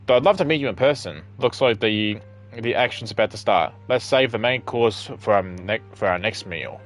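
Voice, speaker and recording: A man's voice: fairly low pitch, normal speed, soft background music, natural voice. A man reading the lines of an odd, playful female mech soldier in his own casual voice, stumbling now and then. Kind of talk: reading game dialogue aloud.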